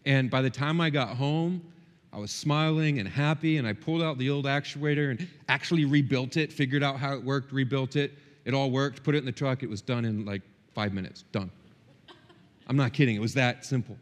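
A middle-aged male pastor preaching a sermon in a church, impassioned, swinging between loud peaks and quiet, intimate stretches. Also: medium pitch, brisk, in a large hall. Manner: impassioned, rising and dropping sharply for emphasis. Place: church hall.

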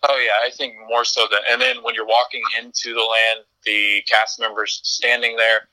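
A man's voice: medium pitch, normal speed, pushed and bright, low-quality recording. A man in a casual podcast chat, telling a story in a chatty way, laughing often and restarting his sentences.

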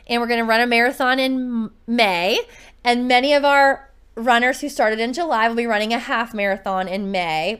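A woman's voice: fairly high pitch, fairly bright tone, clear, resonant tone. A woman talking as a podcast host and running coach, chatting casually and telling a story in an upbeat way.

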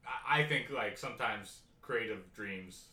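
Slow, hesitant man in an echoey room. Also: lowish voice, bright, forceful tone. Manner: hesitant, searching for words, many fillers. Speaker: podcast co-host. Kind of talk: casual chat.

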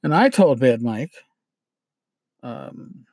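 A man's voice: mid-range voice, expressive, unhurried, long pauses, dry recording. A man with a New York accent hosting a casual solo show, rambling and correcting himself as he talks. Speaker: podcast host.

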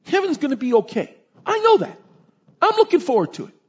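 A man voicing a worried, earnest five-year-old boy in a high, strained, childlike whine. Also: sing-song, brisk, lo-fi sound.

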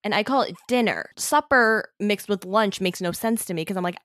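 A woman's voice: mid-range voice, normal speed, fairly bright tone, no room sound, clean studio sound. A young woman, a student, chatting casually about a book on a review podcast, talkative with hesitant asides.

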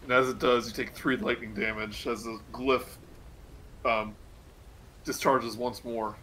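A man narrating a tabletop game as game master, casual and halting, with fillers. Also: mid-range voice, little pitch movement, bright, forceful tone, slight background noise, poor audio.

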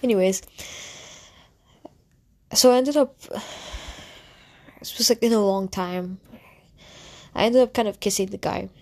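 A woman's voice: medium pitch, slow pace, pauses often, darkish tone. A young woman, a content creator, telling a candid personal story in a casual, rambling way, full of fillers and restarts. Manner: candid and reflective.

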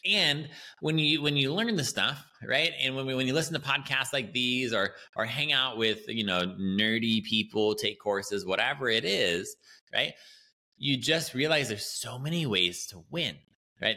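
A man's voice: medium pitch, normal speed. A man hosting an educational podcast, talking casually and animatedly as he explains training ideas, often checking in with "right?". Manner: animated and chatty, often tags lines with "right?". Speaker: podcast host and Pilates educator.

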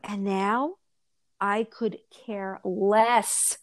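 A middle-aged woman in casual conversation, telling a long personal story with restarts, laughs and lively quoted voices. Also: drawn-out words, no room sound, clean studio sound. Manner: rambling storyteller, frequent restarts and laughter, swinging pitch when quoting. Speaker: co-host of a chat show. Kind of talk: casual chat.

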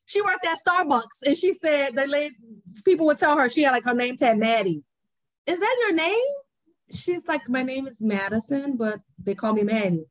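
A New Orleans woman guesting on a podcast speaks briskly in a high voice during a casual interview conversation, on a low-quality recording with no room sound. While telling her story, she mimics the people she quotes and frequently repeats herself.

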